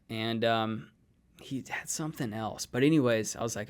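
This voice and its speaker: A man's voice: medium pitch, brisk. Man telling stories in an interview. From California. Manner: animated storyteller acting out quoted dialogue. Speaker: guest, real estate advisor. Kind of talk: casual storytelling interview.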